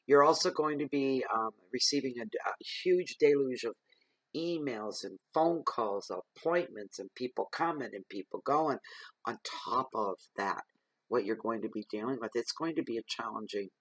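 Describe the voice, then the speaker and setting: A man gives a general tarot reading in an earnest, rambling way, stopping often on ums as he talks straight to his listeners. His voice sits at an ordinary middle pitch. The recording is dry and close, with no room sound. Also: normal speed, breathy edge, dry recording, low-quality recording. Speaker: tarot reader.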